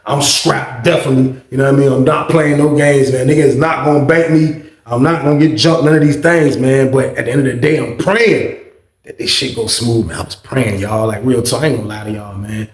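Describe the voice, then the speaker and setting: A man's voice: medium pitch, brisk. Slangy man telling a story, echoey room. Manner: animated, slangy, repeats himself for emphasis. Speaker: channel host telling a prison story. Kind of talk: casual storytime. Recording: roomy echo.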